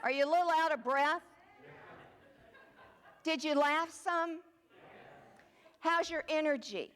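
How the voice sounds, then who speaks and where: A woman's voice: high-pitched, slow, long pauses, fairly bright tone, in a large hall. A woman minister leading a church congregation with bubbly, whooping cheerleader energy. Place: church sanctuary.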